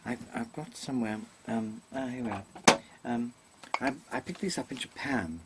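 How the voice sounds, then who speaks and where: The recording is very noisy, carrying a man's medium-pitched voice at a moderate pace. He is an actor performing a rambling comic monologue to a webcam, hesitating, saying um, and correcting himself often in affected stage diction.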